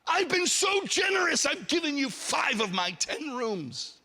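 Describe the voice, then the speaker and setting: A whiny, desperate man , as a preacher acts him out, begging and bargaining in a strained, very high voice that keeps tipping into shouts. His bright, tense tone rings through a long hall reverb. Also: sing-song, normal speed, full character voice. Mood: indignant.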